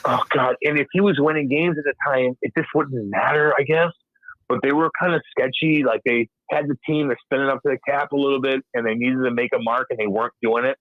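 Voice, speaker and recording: A man's voice: mid-range voice, fairly even intonation, a little fast, no echo, narrow, tinny audio. A man, a former hockey enforcer, chatting as a guest with blunt, profane talk and frequent laughs while acting out old exchanges. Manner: blunt, swearing often, laughing, acting out quotes. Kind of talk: casual profane interview chat.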